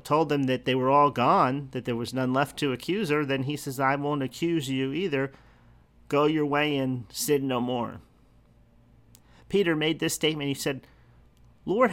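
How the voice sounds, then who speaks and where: A man preaching a sermon, teaching in an earnest, unhurried way with pauses and restarts. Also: mid-range voice, vocal fry, a bit bright.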